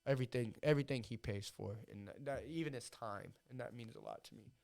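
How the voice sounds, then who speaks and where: Brief: male fighter guest, mid-pitched, talks with swearing and raw emotion in a relaxed podcast chat. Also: fast, gravelly. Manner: emotional, heavily profane storytelling.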